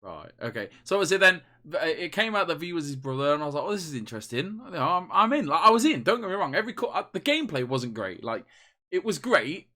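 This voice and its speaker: A man co-hosting a casual gaming podcast, telling stories in a rambling, animated way with many restarts. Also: a little high, fast. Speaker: podcast co-host. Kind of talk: casual chat.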